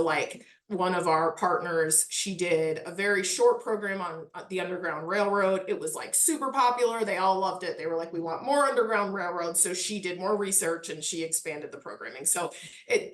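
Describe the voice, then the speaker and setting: A woman's voice: fairly low pitch, moderate pace, reverberant. A woman with a Midwestern accent, a historic site manager answering interview questions in an earnest, chatty way full of "like" and "um". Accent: Midwestern American.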